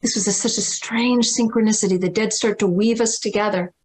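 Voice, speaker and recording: Middle-aged woman from massachusetts, storytelling on a video call, earnest and animated. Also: medium pitch, brisk, poor audio. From Massachusetts, USA. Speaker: guest teacher. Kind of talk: storytelling in a livestream talk.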